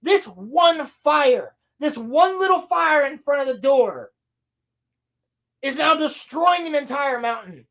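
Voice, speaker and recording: A high-pitched woman tears through a show recap with sarcastic disbelief and plenty of swearing. She acts out each character's lines with big, animated energy while co-hosting a casual podcast. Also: slow pace. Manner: sarcastic, profane, exasperated; animated storytelling with acted-out quotes. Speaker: podcast co-host.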